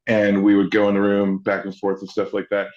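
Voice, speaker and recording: A male actor telling stories as an interview guest, rambling quickly and acting out quoted voices. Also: on the low side, dull audio. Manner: acts out quotes in lively voices, fast rambling. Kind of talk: animated storytelling.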